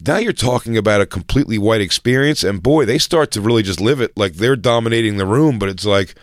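A man's voice: on the low side, lively intonation, fast, dry recording, studio quality. A man co-hosting a podcast, chatting casually, rambling and swearing as he acts out other people's voices. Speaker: podcast co-host. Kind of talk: casual comedic chat.

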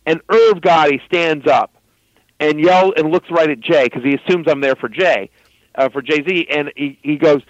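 A man guest telling a story in casual talk, animated and loose, full of fillers. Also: a little high, moderate pace, no room sound, muffled recording.

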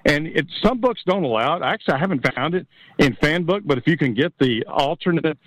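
A man's voice: on the high side, lively intonation, a little fast, a bit bright, no room sound, rough recording. Chatty man from Texas calling in. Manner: chatty, with repeated fillers and restarts. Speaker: caller. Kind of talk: casual call-in chat.

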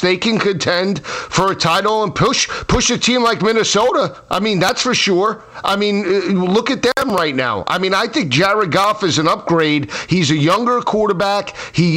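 A male guest analyst on a sports radio show with a high, bright, sharp-edged voice. He talks in a measured way and leans on filler words like "I mean.". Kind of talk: sports talk radio discussion.

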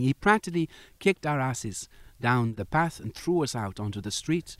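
A man's voice: mid-range voice, big pitch swings, normal speed, dry recording. A man from the United Kingdom telling a long story as an interview guest, acting out the voices he quotes. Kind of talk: storytelling in a conversation.

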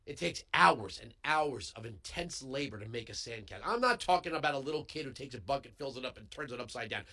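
A male talk show host delivering a heated political commentary monologue into a studio microphone, emphatic and building to yells. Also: mid-range voice, expressive, fast talker. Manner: heated, emphatic, swings into yelling. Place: radio studio. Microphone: studio broadcast microphone.

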